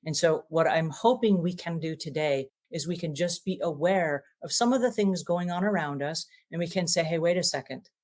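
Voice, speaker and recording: A woman's voice: deep voice, normal speed, hardly any pauses, darkish tone. Earnest woman host talking to camera. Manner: earnest, acts out little quoted exchanges. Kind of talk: motivational talk to camera.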